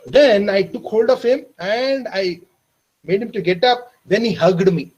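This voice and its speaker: A man with an Indian English accent training teachers, telling a story earnestly and calling listeners "my dear friends", dropping softer for tender moments. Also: high-pitched, rough recording. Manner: slows and softens for emotional moments. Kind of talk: storytelling lecture. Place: online training session.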